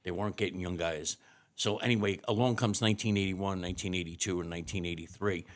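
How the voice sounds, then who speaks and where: An older man in his sixties recalls his firefighting days in a low voice. He rambles through long anecdotes, circling back on himself with frequent restarts. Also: steady tone, fast. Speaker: retired fire chief, guest. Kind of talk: interview storytelling.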